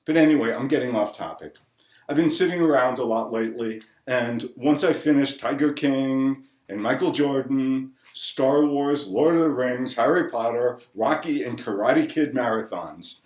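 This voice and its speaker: A man's voice: medium pitch, normal speed, darkish tone, reverberant. A man delivering a sarcastic comic monologue, ranting through rhetorical questions. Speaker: comedian.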